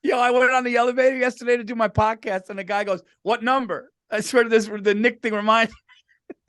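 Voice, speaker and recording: A man's voice: extremely high pitch, level tone, fast, a bit bright, clear, resonant tone, no echo, clean studio sound. A man co-hosting a comedy podcast, telling rambling anecdotes and saying "dude" constantly. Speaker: podcast co-host. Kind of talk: casual comedic chat.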